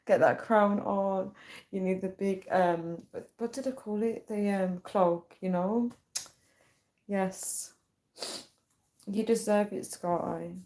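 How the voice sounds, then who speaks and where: A woman's voice: medium pitch, takes it slowly, pauses often, warm tone. A woman on a casual livestream, chatting, giggling and reading viewers' comments aloud. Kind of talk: casual live-stream chat. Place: at home late at night.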